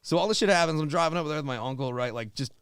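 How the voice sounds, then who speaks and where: A stand-up comedian from Florida tells rambling, profane stories on a podcast, packing his talk with likes and dudes. His voice sits a touch high, and the studio mic sounds close and dry. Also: lively intonation, rapid-fire, clean tone, dry recording. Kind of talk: casual comedic storytelling.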